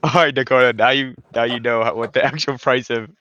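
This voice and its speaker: A man's voice: mid-range voice, fairly even intonation, fairly quick, pushed and bright, no room sound, lo-fi sound. A man co-hosting a podcast, chatting casually and laughing often at the stories. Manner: laughs often, reacts to the story. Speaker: podcast co-host. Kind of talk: casual chat.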